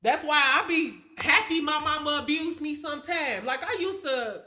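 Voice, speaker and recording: A woman's voice: high voice, expressive, normal speed, bright, forceful tone. A woman streamer telling a rambling, profane story to her viewers in a casual rant. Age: adult with children. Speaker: livestream host.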